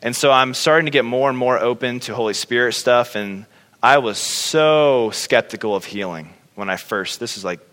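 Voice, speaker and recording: A man's voice: mid-range voice, moderate pace, a bit bright. Chatty man telling a story in a reverberant hall. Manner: chatty, lots of fillers, acts out his own reactions. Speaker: speaker sharing a testimony. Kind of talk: casual storytelling testimony.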